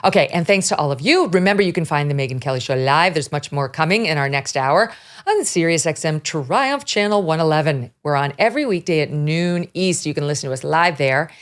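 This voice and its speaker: A woman in her fifties hosting a talk show, blunt and animated, laughing often as she chats. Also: sits low, a little fast. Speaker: podcast host. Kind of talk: opinionated talk show chat.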